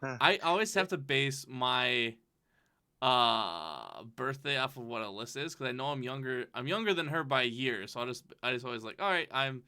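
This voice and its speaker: A man's voice: medium pitch, expressive, moderate pace, sharp tone, smooth. A man co-hosting a casual podcast, rambling with lots of fillers and frequent laughs. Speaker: podcast co-host. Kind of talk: casual chat.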